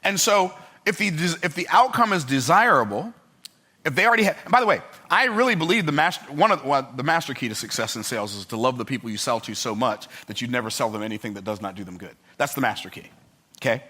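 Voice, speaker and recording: A man's voice: medium pitch, expressive, quick pace, pushed and bright. An older man giving a motivational speech to a live audience. He tells stories with emphasis and repetition, and often checks in with the crowd. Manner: emphatic, repetitive storytelling with rhetorical check-ins. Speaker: motivational speaker.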